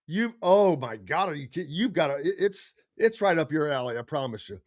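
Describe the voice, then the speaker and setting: A man's voice: fairly high pitch, a little fast, a crowd in the background. A man hosting a sports radio show, chatting casually and animatedly and slipping into voices and impressions. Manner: animated, does voices and impressions while talking.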